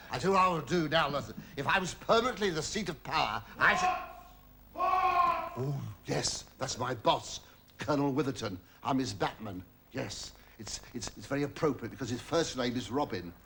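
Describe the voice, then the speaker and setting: A cheeky, fawning army batman. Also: a little high. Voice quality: chatty, giggly, fawning. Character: cheeky, innuendo-loving male army batman. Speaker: colonel's batman. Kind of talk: British sitcom acting. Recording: noisy recording with hiss.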